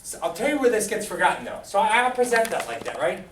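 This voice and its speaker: A fairly high-voiced male math teacher lectures to his class, tossing questions at the students to keep them engaged. He is heard from across an echoey classroom, with faint room noise behind him. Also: fast, recorded from a distance. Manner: lively, quizzes students, animated. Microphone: camera far from the speaker.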